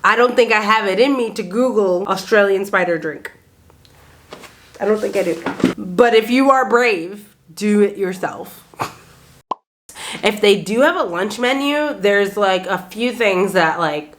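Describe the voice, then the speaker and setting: A woman in her thirties from Massachusetts, chatting casually to camera in an expressive, rambling way, full of "like" and "okay?". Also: medium pitch, normal speed. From Massachusetts, USA. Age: 30s. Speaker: vlogger. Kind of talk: casual vlog chat.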